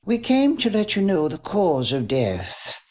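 A narrator voicing a gentle female police officer with a calm, soothing manner. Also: lowish voice, unhurried, pitched above the performer's own voice, heavily acted.

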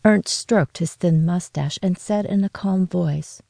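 A woman narrating a story in a steady, measured reading voice. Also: lowish voice, vocal fry, dry recording.

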